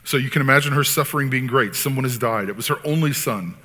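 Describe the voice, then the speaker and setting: Bright-voiced male preacher in a reverberant hall. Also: medium pitch, quick pace. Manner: animated, conversational preaching with frequent asides. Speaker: pastor. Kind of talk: sermon.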